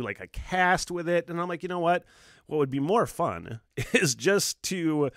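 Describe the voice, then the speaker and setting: A man with a medium-pitched voice hosts his own solo podcast, rambling casually, swearing freely and chuckling between thoughts. The audio is clean studio sound with no room sound.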